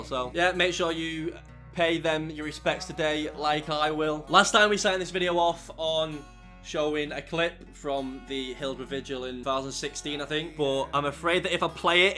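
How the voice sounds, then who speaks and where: A man commentating his own football video game, out of breath, shouting at big moments and chatting fast in between. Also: a little high. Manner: shouts excitedly over goals, then talks fast and loose. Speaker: gaming YouTuber. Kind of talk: excited gameplay commentary.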